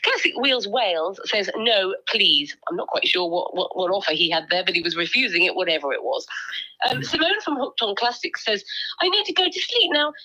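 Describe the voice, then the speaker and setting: A woman's voice: medium pitch, very animated, fairly quick, sharp tone, poor audio. A woman co-hosting a casual livestream, reading out viewer comments in a playful, giggly way with lots of ums.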